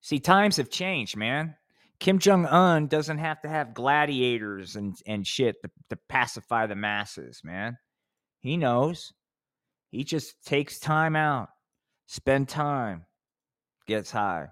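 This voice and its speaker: A man's voice: medium pitch, expressive, slow, fairly bright tone, no room sound, clean studio sound. A man hosting a live podcast, talking in a rambling, profane way and often restarting his sentences. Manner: rambling, profane, self-interrupting. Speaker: podcast host.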